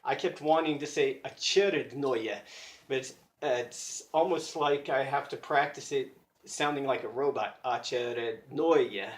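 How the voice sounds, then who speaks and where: A man's voice: mid-range voice, fairly even intonation, moderate pace, roomy sound. An American man explaining his language study methods in a casual, earnest way, thinking aloud and correcting himself as he goes, recorded on a phone. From United States. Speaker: language learner sharing study tips. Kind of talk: casual explanatory video talk.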